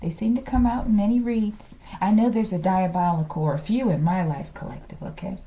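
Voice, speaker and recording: A woman's voice: mid-range voice, brisk, warm tone. A woman giving a channeled tarot reading to her viewers, chatty, laughing often and dropping into whispers. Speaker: tarot reader.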